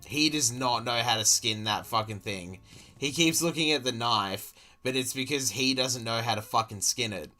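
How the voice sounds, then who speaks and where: A man's voice: mid-range voice, moderate pace, bright, forceful tone, faint music behind. A man with an Australian accent giving a profane, exasperated running commentary as a streamer reacting to a video. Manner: exasperated, sweary, incredulous.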